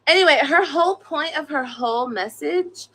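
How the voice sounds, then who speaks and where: A woman's voice: high voice, animated, normal speed, bright, forceful tone. A young woman on a casual live stream, blunt and profane, scolding her children between complaints about critics. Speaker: livestreamer.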